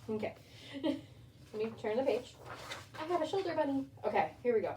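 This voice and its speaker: A woman's voice: high-pitched, lively intonation, moderate pace, mellow. Woman reading a storybook to a rabbit. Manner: chatty asides to a pet. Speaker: rabbit-keeping homesteader and channel host. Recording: echoey room, distant mic, faint background noise.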